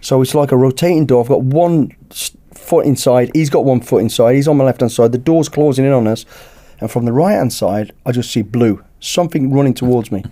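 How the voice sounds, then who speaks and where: Man, British accent, podcast guest, animated storyteller, dark relaxed tone. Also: mid-range voice, fairly quick, hardly any pauses. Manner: lively anecdote-teller who acts out dialogue. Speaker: podcast guest, former bodyguard. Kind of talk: storytelling in casual chat.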